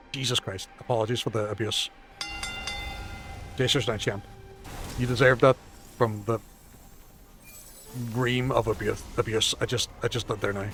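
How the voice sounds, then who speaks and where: Sweary man streaming a game. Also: mid-range voice. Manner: profane banter with chat. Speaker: gaming streamer. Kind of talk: live gameplay commentary.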